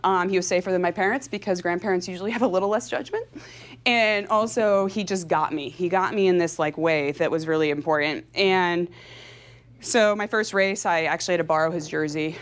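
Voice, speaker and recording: Energetic, chatty woman giving a talk. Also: lowish voice, brisk. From California. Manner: energetic, chatty, laughs often; emotional and openly heartfelt. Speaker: professional cyclist giving a talk. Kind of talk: motivational talk to an audience.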